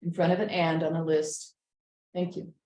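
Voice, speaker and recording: A woman's voice: low voice, little pitch movement, moderate pace, darkish tone, reverberant, low-quality recording. A woman teaching a writing class, patiently reading sentences aloud again and again to check the commas. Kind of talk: editing a student essay aloud in class.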